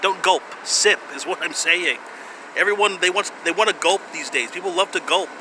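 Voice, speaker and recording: A man in his thirties talking to camera in a halting, rambling way, full of fillers and restarts. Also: high voice. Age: 30s. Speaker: vlogger. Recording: outdoor street noise with passing cars.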